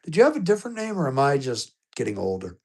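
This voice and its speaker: A man streaming live, casually greeting viewers one by one, bright and upbeat on hellos and low and soft when things turn serious. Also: huge pitch swings, fast, husky. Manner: upbeat greetings that jump high in pitch, softer and lower when serious.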